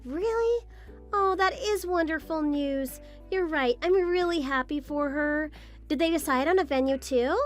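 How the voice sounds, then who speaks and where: A woman's voice: high voice, moderate pace, soft background music, close to an everyday voice. A woman playing a patient, apologetic young daughter-in-law in a text-story drama. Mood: pleased. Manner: apologetic, mildly defensive.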